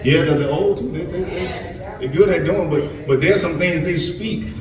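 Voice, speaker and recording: A man preaches to young people, his voice sitting high for a man. He stammers and repeats words as he builds his points. He sounds far from the mic, in a church sanctuary full of echo. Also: moderate pace, a crowd in the background. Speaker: pastor. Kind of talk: sermon.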